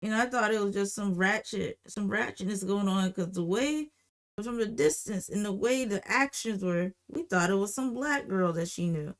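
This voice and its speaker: A woman's voice: mid-range voice, normal speed. A woman hosting a livestream, telling a casual, rambling story and repeating phrases for emphasis. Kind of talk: casual storytime while drawing.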